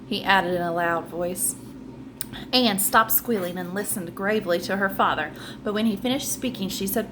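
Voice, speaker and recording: A woman's voice: mid-range voice, moderate pace, a bit bright, slight background noise. A woman reading a children's book aloud, adding chatty asides between passages. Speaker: storybook reader.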